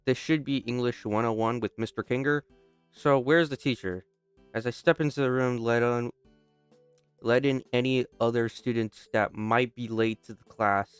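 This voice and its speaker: Young male gamer, casual read-aloud playthrough, self-interrupting with jokey asides, smooth resonant voice, dry close mic. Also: medium pitch, steady tone, normal speed, dry recording, faint music behind. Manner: stops and restarts, breaks off into joking asides. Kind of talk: casual playthrough commentary, reading game text aloud.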